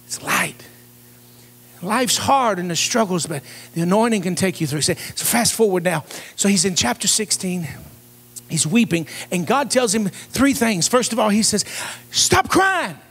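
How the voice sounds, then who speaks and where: A man preaching a revival sermon in a church, fervent and calling for responses from the congregation, often rising into shouts. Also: high-pitched, normal speed, vocal fry, slightly rough. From Cincinnati area. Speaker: evangelist preacher. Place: church sanctuary.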